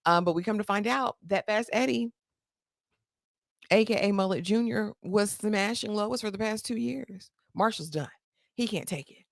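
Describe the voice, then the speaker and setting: A woman's voice: mid-range voice, normal speed, creaky, dry recording, clean studio sound. A woman recapping a TV episode in a sassy, chatty way with slangy asides. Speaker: TV recap host.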